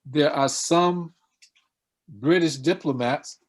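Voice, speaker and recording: A man's voice: a little high, takes it slowly. A middle-aged man giving a seminar lecture, often putting questions to his students and repeating key words, with frequent fillers.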